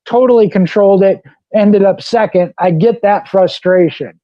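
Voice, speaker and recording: A man's voice: sits high, normal speed, dry recording, dull audio. A man co-hosting a casual racing talk show, rambling with "like I said" and "you know". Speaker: co-host.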